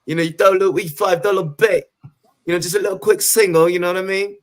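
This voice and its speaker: Man doing a high, brash fake British-Irish bloke, rowdy and profane. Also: steady tone, fast talker, lightly acted. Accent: fake British drifting Irish. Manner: rowdy, cursing, exaggerated slang.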